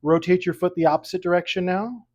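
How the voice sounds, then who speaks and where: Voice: mid-range voice, steady tone, fast talker. A fitness instructor leading a seated exercise class at home, counting reps aloud and coaching with light jokes. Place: at home with pets around.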